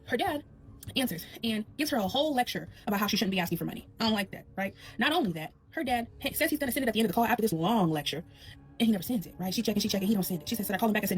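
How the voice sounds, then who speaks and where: A woman telling a comic story about her daughter in a lively, quick way. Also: fairly high pitch, soft background music. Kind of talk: storytelling clip.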